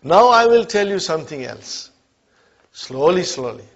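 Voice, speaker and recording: A man with a fairly high, sing-song and slightly bright voice teaches an Arabic class at a measured pace. He runs call-and-response drills and frequently checks comprehension, and the classroom recording is muffled and lo-fi.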